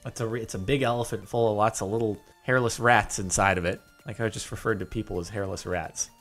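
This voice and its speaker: A man's voice: lowish voice, steady tone, a little fast, a bit bright, soft background music. Man rambling through a jokey video reaction. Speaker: vlogger. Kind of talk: casual video reaction commentary.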